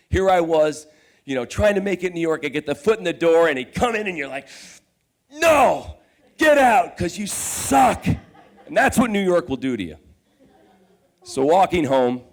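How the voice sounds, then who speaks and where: A man telling a true personal story on stage, animated and profane, laughing as he talks and acting out his own inner voice. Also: fairly high pitch.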